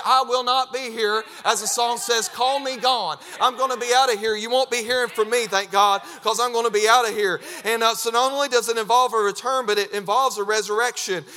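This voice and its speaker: A man preaching a fervent sermon, emphatic and repetitive, breaking into shouts. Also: very high-pitched.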